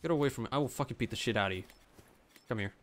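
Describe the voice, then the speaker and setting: Swearing nonstop in rapid-fire bursts, this streamer reacts to a game live, voice leaping into squeaky highs whenever something startles them.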